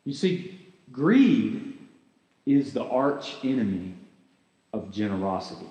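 A man's voice: mid-range voice, sing-song, slow pace, dark tone, reverberant, big-room sound, poor audio. A man giving a sermon as pastor, earnest and conversational, asking his listeners rhetorical questions.

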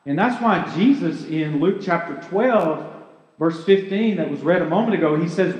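A man's voice: high-pitched, expressive, normal speed, reverberant, long reverb tail, muffled recording. A man giving a sermon as pastor, earnest and conversational, asking his listeners rhetorical questions.

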